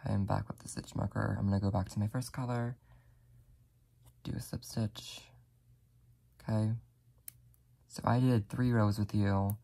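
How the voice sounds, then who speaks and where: A soft-spoken crafting tutorial host giving casual step-by-step instructions while working, often apologetic and leaning on "like" fillers. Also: medium pitch, fairly even intonation, a little fast, creaky.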